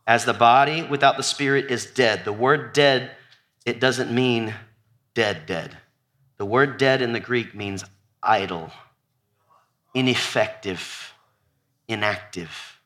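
In a church, a male pastor preaches an energetic sermon at a medium pitch, taking his time. Repeated lists come out almost whispered, while at other moments he raises his voice to call to the congregation.

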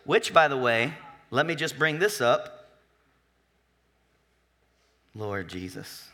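A man's voice: on the high side, expressive, measured pace, pushed and bright. A male pastor preaching a sermon in a conversational, joking way, often asking the congregation if they are with him.

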